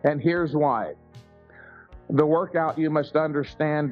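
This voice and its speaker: A man with a slightly high voice lectures a seminar audience with emphatic conviction, firing rhetorical questions and answering them himself. The sound is a dull, lo-fi old tape with faint music running underneath. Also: measured pace. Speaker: seminar speaker. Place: seminar room before an audience.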